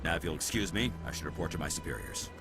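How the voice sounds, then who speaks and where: A man's voice: very deep voice, sing-song, quick pace, heavily acted. A man voicing a proud, stern male alien security officer who talks in a curt, haughty way, with game music behind. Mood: grudging.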